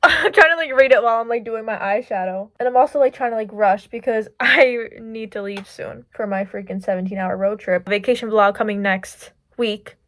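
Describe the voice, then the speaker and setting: A woman's voice: fairly high pitch, brisk, few pauses, a bit bright, no room sound. Giggly young woman chatting, dry sound. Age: young adult. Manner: chatty, giggly, filler-heavy "like". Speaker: vlogger. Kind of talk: casual storytelling chat. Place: at home doing makeup.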